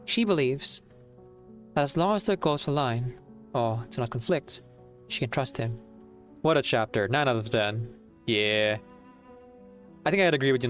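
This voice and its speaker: A man plays through a story game and reads its lines aloud. He chats and reacts between passages in a loose, thinking-aloud way. Soft music plays faintly behind him. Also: mid-range voice. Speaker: streamer reading a game story. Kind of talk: casual gameplay commentary and read-aloud.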